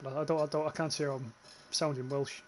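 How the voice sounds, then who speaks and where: There's a faint hum behind this young gaming livestreamer from northeast England, whose accent is from near North Yorkshire. In a voice a little high for a man, with little pitch movement and a quick pace, he offers loose, chatty commentary while swearing freely and stumbling over restarts.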